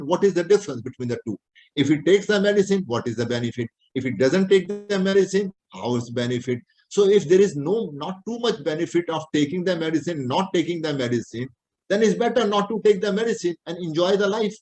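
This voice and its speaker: Indian accent, middle-aged man, teacher, raised pitch, plain-spoken, repeats points. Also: animated, brisk, darkish tone, low-quality recording. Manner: plain-spoken, repetitive explaining, non-native English phrasing. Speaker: homeopathic doctor teaching. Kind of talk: lecture.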